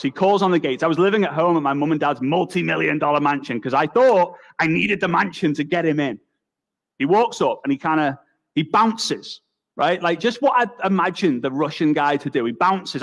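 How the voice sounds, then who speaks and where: High-voiced Liverpool man giving a pep talk. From England. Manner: energetic storytelling with quick repetitions. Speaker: network marketing speaker. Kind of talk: motivational talk.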